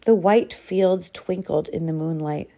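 A woman reading a children's picture book aloud in an expressive storytelling manner. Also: deep voice, a little slow. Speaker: storybook reader.

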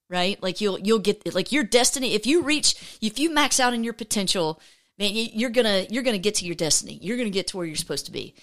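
A woman's voice: medium pitch, lively intonation, fast, a bit bright. A woman hosting a casual faith podcast, upbeat and chatty, rambling with many restarts. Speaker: podcast host.

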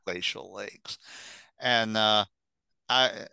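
A man who is a regular on a podcast, telling relaxed, rambling anecdotes in casual chat with some swearing. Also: lowish voice, slow pace, vocal fry, clear, resonant tone, dry recording.

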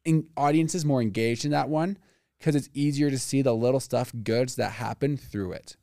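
A man's voice: mid-range voice, moderate pace, creaky, warm tone, no echo, studio quality. A man co-hosting a casual podcast chat, rambling and thinking aloud with fillers. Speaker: podcast co-host.

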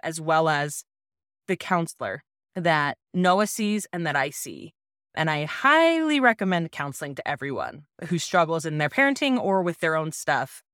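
A woman's voice: fairly low pitch, fairly bright tone, clear, resonant tone, no echo, clean studio sound. A woman podcast host telling a personal parenting story in an earnest, reassuring way.

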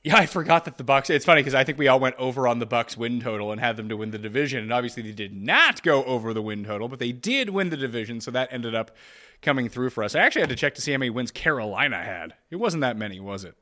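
Lively, bright-voiced male podcast host. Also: mid-range voice, fast. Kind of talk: casual sports betting chat.

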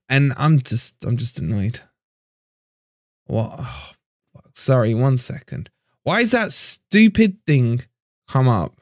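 Fan stream host, man, annoyed and sweary, higher voice, dry close mic. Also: no room sound. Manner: frustrated, swearing, repeats himself. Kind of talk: live stream rant.

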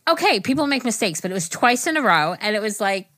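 A podcast co-host, a woman with a medium-pitched voice, tells a story quickly in a casual chat, animatedly acting out quotes. The audio is studio quality with no echo.

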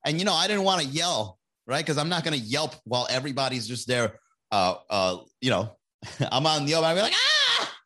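A podcast host talking at an ordinary pitch for a man, spinning a loose, rambling story to his listeners. He swears freely, laughs at his own jokes and drops into quick impressions of the people he describes. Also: lively intonation, sharp tone. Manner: rambling, crude, laughs often, acts out voices. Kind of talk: casual storytelling monologue.

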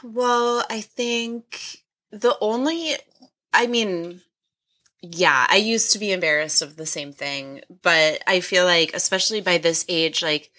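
Young woman co-host, lowish bright voice, calm and matter-of-fact. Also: slow. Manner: thoughtful, matter-of-fact, lots of "like". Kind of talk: frank casual chat.

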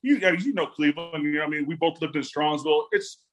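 Husky man telling animated stories. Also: a little high, quick pace. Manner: animated storyteller who acts out quotes and laughs often. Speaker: guest, former pro football player. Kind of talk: casual storytelling interview.

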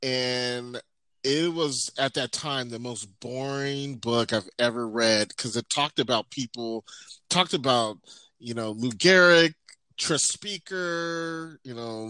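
A man in casual chat, telling animated, laughing stories about his family. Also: no room sound. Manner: mimics others in a high voice.

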